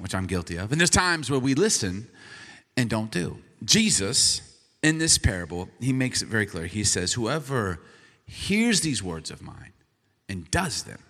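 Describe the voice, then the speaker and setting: Animated pastor with a lively voice. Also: male voice, fairly low pitch, in a large hall. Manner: animated, self-mocking, punchy. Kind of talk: humorous sermon storytelling.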